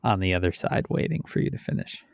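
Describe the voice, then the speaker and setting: A man co-hosting a comedy podcast, talking in a dry, deadpan, unbothered way. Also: fairly low pitch, quick pace, creaky, no room sound. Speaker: podcast co-host. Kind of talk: casual comedic chat. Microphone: studio headphones and mic.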